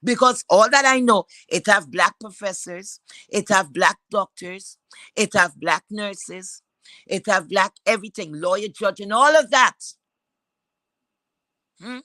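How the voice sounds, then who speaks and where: Bright-voiced, blunt woman ranting. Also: medium pitch, unhurried, dry recording. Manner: blunt and profane, full of rhetorical questions. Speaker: commentator. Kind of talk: heated opinion rant.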